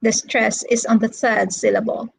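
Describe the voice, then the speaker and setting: A woman teaching an online English lesson, speaking slowly and deliberately and repeating words to model their stress. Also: a little high, level tone, gravelly, slightly rough, rough recording.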